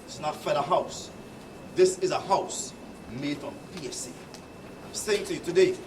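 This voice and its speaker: A man with a Trinidadian accent giving a rousing, preacherly address to workers, with mocking asides. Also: sits high. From Trinidad and Tobago. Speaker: union leader addressing workers. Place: indoor workplace gathering. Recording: echoey room, far from the mic, noisy crowd.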